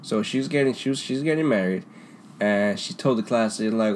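A young man telling stories from school in a casual, slangy chat, laughing often and trailing off into quieter mumbles. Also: fairly low pitch, fairly quick. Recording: faint background noise.

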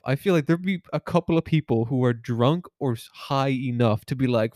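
Young dude rambling on a podcast, swears a lot, dead dry sound. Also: male voice, mid-range voice, lively intonation, normal speed, few pauses, a little mellow, no echo. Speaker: podcast co-host. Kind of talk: crude casual chat.

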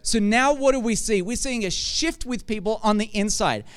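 A man preaching a conversational sermon who keeps asking rhetorical questions and builds to forceful emphasis. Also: sits high, moderate pace, smooth.

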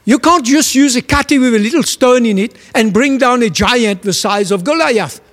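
A man's voice: extremely high pitch, moderate pace, a bit bright, long reverb tail. A man preaching a sermon, telling a story emphatically and asking his listeners questions.

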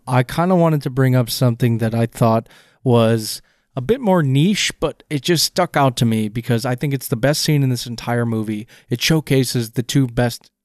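A man's voice: mid-range voice, a little mellow, no echo. Man, podcast co-host, enthusiastic, rambling, dry close sound. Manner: enthusiastic, rambling analysis with many restarts. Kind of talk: casual film discussion.

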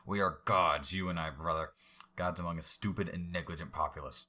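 A man's voice: low voice, steady tone, brisk, pushed and bright. A man voicing an unhinged, grandiose male villain who rants and philosophizes manically while reading a story aloud. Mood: raving.

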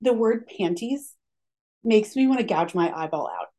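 A woman's voice: medium pitch, lively intonation, normal speed, warm tone. A woman co-hosting a podcast in casual chat, talking emphatically and dramatically about her pet peeves. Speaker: podcast co-host.

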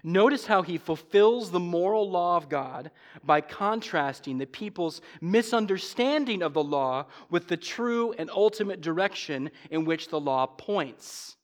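Man, pastor, sermon, high-pitched, emphatic, dynamic swings in loudness, slow deliberate refrains. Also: lively intonation. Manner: emphatic, swings from loud stresses to low asides; slows down sharply on repeated refrains.

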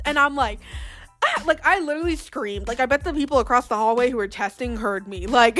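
Young woman chatting away, kinda high voice, lots of likes and laughing, soft music under her. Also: expressive, moderate pace, dry recording. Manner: chatty, laughs often, many fillers. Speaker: vlogger. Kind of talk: casual storytelling.

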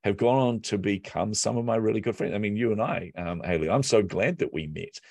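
A man who coaches business and marketing, chatting as a podcast guest from his office, telling animated stories and laughing often. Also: lowish voice, brisk, vocal fry, dry recording. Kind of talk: casual podcast conversation.

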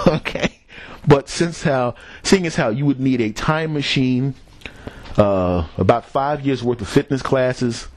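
A man's voice: medium pitch, slow pace, no room sound. A man hosting a podcast, telling a rambling, profane story in a casual solo monologue and chuckling at his own jokes. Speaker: podcast host.

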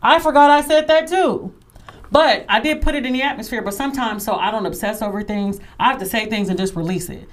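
A woman's voice: mid-range voice, fast, hardly any pauses. A woman hosting a radio show, chatting casually and telling stories with frequent laughter. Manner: lively, laughs often, expressive storyteller.

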